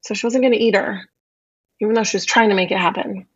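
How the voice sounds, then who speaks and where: A woman telling a folk tale in an animated, expressive way, adding playful asides. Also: mid-range voice, fast talker, slightly rough, lo-fi sound. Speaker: storyteller.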